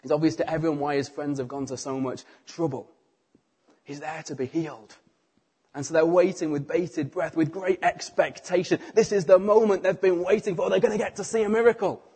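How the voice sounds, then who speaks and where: A middle-aged British man preaching a sermon, telling the story with animated acted-out voices. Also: a little high, brisk, slightly rough.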